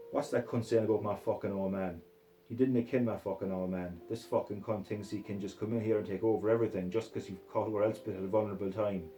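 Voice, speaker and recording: A man's voice: on the low side, steady tone, brisk, mellow, faint music behind, poor audio. A man reading a crude novel aloud in a put-on Scottish accent, in a profane, aggressive first-person voice. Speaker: reader.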